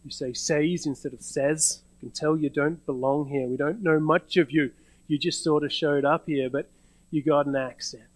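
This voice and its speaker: Man playing pointed accusers, lower, dry. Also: fairly even intonation, unhurried, a little mellow, slightly rough, dry recording, poor audio. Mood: accusing. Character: accusing townsmen, suspicious and blunt.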